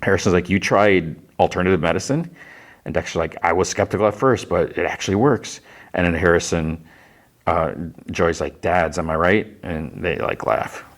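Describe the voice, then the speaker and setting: Male podcast host, very low voice, chatty filler-heavy recap style. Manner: retells scenes in quick quoted lines, filler-heavy. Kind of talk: casual recap.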